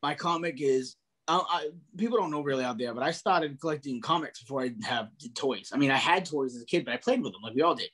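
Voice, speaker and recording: A man co-hosting a casual collectibles chat, telling stories with lively acted-out dialogue and frequent restarts. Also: mid-range voice, fast, slightly rough. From New England, US. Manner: animated storyteller, acts out dialogue. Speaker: podcast co-host.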